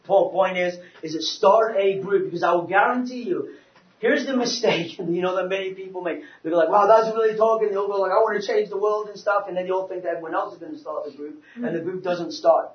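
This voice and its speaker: A man gives an animated church talk in a roomy hall, heard from across the room. His voice sits fairly high, and he tells stories with many restarts. The recording is dull and lo-fi. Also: brisk. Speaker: speaker. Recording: roomy, distant, dull lo-fi sound.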